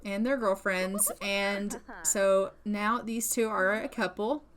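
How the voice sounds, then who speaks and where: A woman's voice: medium pitch, steady tone, slow, a crowd in the background. A woman narrating a life-simulation game playthrough in a casual, chatty way, full of "like" and "oh my God". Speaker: gameplay narrator. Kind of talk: casual let's-play narration.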